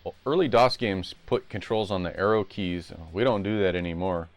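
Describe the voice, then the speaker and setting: A low-voiced man speaks at a moderate pace over faint background music. He's live-streaming retro games from home, chatting casually and rambling, often correcting himself as he plays.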